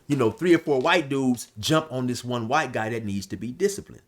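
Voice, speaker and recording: A man's voice: mid-range voice, lively intonation, a little fast, hardly any pauses, a crowd in the background. A man casually telling a long prison story, rambling with restarts and fillers. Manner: loose, rambling, restarts, shouts when quoting others. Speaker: storyteller recounting prison life.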